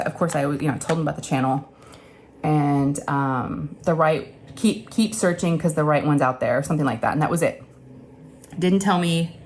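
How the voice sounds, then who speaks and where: A woman in her forties speaks in a low, deeper register and retells a personal story in a loose, candid, emotional way. She talks from her home craft room as a craft channel host. There is a faint hiss of room noise behind her.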